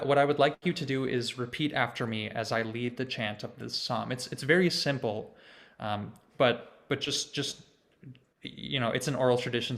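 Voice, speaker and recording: A young man in his twenties giving a conversational online presentation to a choir over a video call, explaining church music and leading chants. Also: mid-range voice. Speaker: conducting student presenting to a choir.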